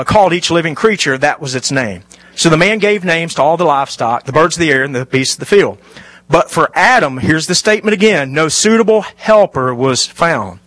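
A middle-aged man preaching a sermon, animated and lively, dropping to hushed, intimate asides. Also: a little high, no room sound. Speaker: pastor.

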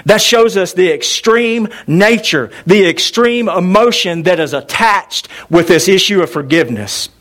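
A man's voice: sits high, lively intonation, a little slow, few pauses, a bit bright. A man preaching a sermon as a pastor, emphatic and repetitive, with fillers and self-corrections.

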